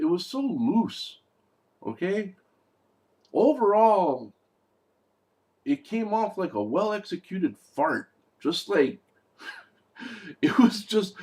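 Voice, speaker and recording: Animated man mocking movies. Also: on the high side. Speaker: movie reviewer. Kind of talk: casual video review.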